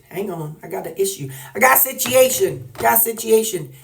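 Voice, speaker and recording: A woman's voice: mid-range voice, fairly quick, gravelly, roomy sound, recorded from a distance, a little hiss or hum. A woman with a Southern US accent chatting casually to her followers, folksy, joking and rambling as she talks. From Missouri. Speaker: weight-loss vlogger. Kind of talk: casual chat to camera.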